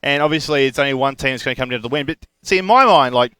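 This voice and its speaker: A young man with a thick rural Australian accent, casting live esports in a chatty, energetic, loose way. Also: medium pitch, rapid-fire, smooth, no room sound. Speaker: esports caster.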